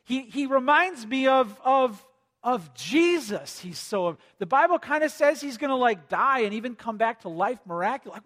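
A man preaching a sermon as pastor, animated and lively, asking the audience to take notes. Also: extremely high pitch, moderate pace, big-room sound. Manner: animated, acts out quoted voices, asks the audience to take notes.

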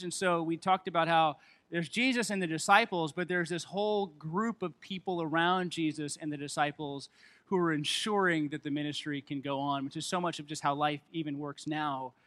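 A man preaching a sermon, reading scripture and building to loud, emphatic stretches. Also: on the high side.

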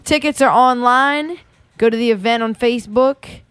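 A woman reading an event promo in a loud, hyped voice. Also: fairly high pitch, normal speed, clean tone, no room sound. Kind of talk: shouted promo read. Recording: over loud music.

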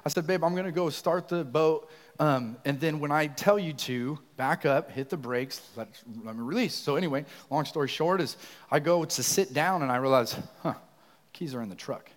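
A man preaches a sermon in a church, slipping into lively personal stories and questions for the congregation. His voice sits fairly high for a man. A long reverb from the hall trails each phrase. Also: moderate pace. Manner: storytelling, animated, asks congregation questions. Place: church sanctuary.

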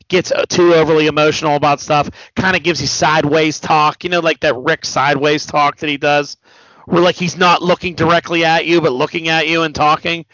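A man's voice: fairly high pitch, sharp tone, no room sound. A man hosting a podcast, chatting loosely about pop culture in a rambling way and swearing freely. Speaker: podcast host. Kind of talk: casual pop culture chat. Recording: dull lo-fi dry recording.

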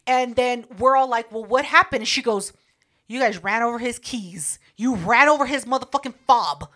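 A woman with a bright, fairly high voice co-hosts a casual podcast chat. She tells her stories in a brash, profane and animated way. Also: normal speed. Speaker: podcast co-host.

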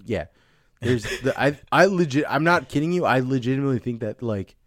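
A man's voice: medium pitch, brisk, no room sound, studio quality. A man from California, chatting loosely as a podcast co-host, swearing freely and telling stories with animation. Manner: profane, animated storytelling. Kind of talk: casual chat.

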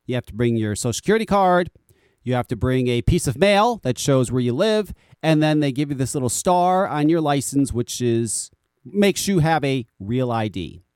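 A man's voice: medium pitch, animated, moderate pace, a little mellow, smooth, dry recording, studio quality. An American man hosting a podcast, ranting casually with frequent swearing and repeated words. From United States. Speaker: podcast host.

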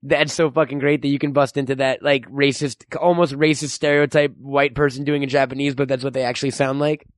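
A man hosting a casual chat, excitable and swearing heavily. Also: mid-range voice, a little fast, few pauses, no echo, clean studio sound. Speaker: host.

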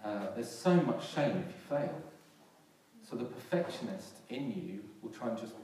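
A man's voice: on the low side, expressive, moderate pace, mellow. A male pastor preaching a sermon in a large church hall, earnestly restarting and repeating phrases and rising for emphasis. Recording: echoey hall from far off, faint noise.

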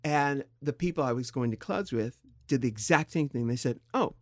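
A middle-aged man from San Diego, co-hosting a podcast in candid, casual talk, thoughtful and halting with expressive swings in pitch. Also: dry recording, studio quality. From San Diego, California. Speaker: podcast co-host.

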